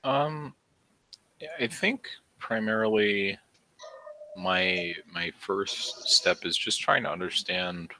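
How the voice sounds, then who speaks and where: Male co-host, very deep and slow, sharp bright tone, faint noise. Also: low-quality recording. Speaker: podcast co-host. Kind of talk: casual podcast chat.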